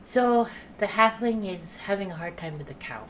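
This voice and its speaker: A woman's voice: mid-range voice, animated, moderate pace, slight background noise. A woman playing a tabletop game, talking in an easygoing way and thinking aloud. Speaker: player. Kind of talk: casual tabletop play.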